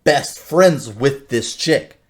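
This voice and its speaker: A man co-hosting a podcast, retelling a movie plot in casual, animated talk full of swearing and fillers. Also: medium pitch, slow. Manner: animated storyteller, heavy swearing, many fillers. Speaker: podcast co-host.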